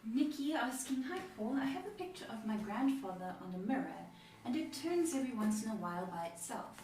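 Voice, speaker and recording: A woman co-host reading viewers' questions aloud in an even, quiet way. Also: on the high side, fairly quick. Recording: very echoey, distant from mic, faint noise.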